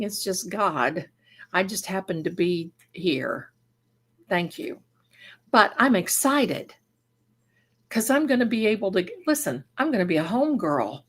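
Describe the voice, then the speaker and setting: A woman with a mid-range, fairly bright voice hosts a live stream as a spiritual reader. She reads viewers' chat aloud and lavishes them with endearments, rambling effusively and often cutting herself off mid-thought.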